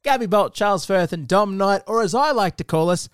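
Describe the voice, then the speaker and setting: A man hosting a comedy podcast, trading dry quick quips in casual chat. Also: high voice, animated, no room sound. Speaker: podcast host.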